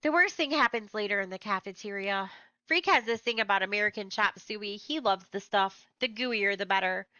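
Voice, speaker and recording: Bright-voiced woman reading a novel. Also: medium pitch, normal speed, dry recording, muffled recording. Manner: plain, conversational storytelling. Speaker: audiobook reader. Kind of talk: first-person novel narration.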